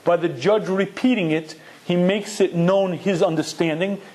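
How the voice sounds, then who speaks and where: Male lecturer, Torah class, higher voice, emphatic, asks and answers his own questions. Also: fairly even intonation, moderate pace, a little mellow. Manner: emphatic, rhetorical questions, Hebrew terms. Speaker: Torah teacher.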